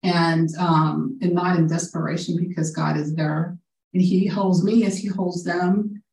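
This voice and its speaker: A woman sharing a personal faith testimony, halting, with fillers and restarts. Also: fairly low pitch, steady tone, vocal fry, a little mellow, a little hiss or hum. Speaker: prayer group member sharing a testimony. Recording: echoey room, from a distance.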